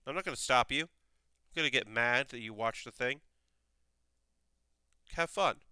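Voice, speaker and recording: A young man rambling casually while building a model kit on a live stream, with animated asides. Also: medium pitch, normal speed, clean tone, no room sound.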